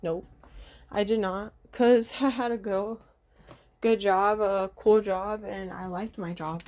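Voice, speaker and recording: A woman's voice: mid-range voice, steady tone, slow. Brief: young woman, casual vlog rant, cursing and rambling, noisy home recording. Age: young adult. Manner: rambling, profane, frequent fillers. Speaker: vlogger. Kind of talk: casual venting monologue.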